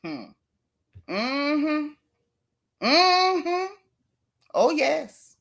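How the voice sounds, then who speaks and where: Animated woman dishing gossip. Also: high-pitched, extremely slow, gravelly. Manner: animated, reads chat comments aloud. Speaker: host. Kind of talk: casual gossip livestream.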